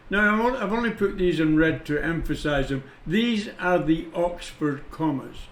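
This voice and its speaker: A man teaching English punctuation, patient and deliberate, stopping to spell out each rule. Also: a little high, lively intonation. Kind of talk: explaining punctuation with read-out examples. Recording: echoey room.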